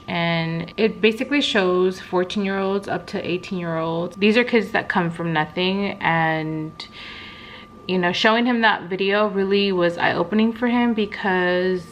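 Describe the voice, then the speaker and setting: A woman's voice: on the low side, a little hiss or hum. A woman in her thirties chatting casually to camera at home in a vlog, full of fillers and asides. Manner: chatty, filler-heavy, talks straight to camera. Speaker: beauty vlogger.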